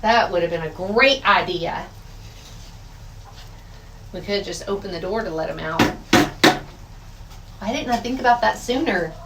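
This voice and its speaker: A woman's voice: medium pitch, measured pace, long pauses, echoey room, far from the mic. A woman, chatting casually to her viewers and her chickens in a homey way. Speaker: vlogger. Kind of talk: casual vlog chat. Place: outdoors by a chicken coop in the rain. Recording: loud outdoor noise with chickens. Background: clucking chickens and rooster.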